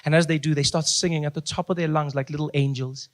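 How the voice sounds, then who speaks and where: A male stand-up comedian with a high, lively voice, telling stories in an animated way and slipping into characters. He is recorded live at a comedy venue. A faint hum of the room sits under him. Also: fast talker, hardly any pauses.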